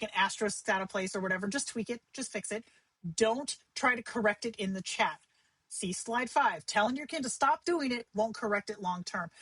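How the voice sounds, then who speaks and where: A woman hosting a livestream tutorial, talking in a chatty, conversational way with quick asides. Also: mid-range voice, husky, no echo, poor audio. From Arizona. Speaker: livestream host teaching AI companion tips.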